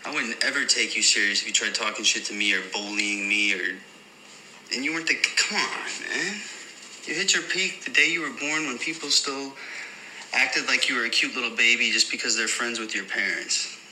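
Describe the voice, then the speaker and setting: A man's voice: medium pitch, normal speed, pushed and bright, a little hiss or hum. A man, mocking someone in a social-media video with a sneering, insulting tone. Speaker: online video commentator. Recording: echoey room, faint ambience.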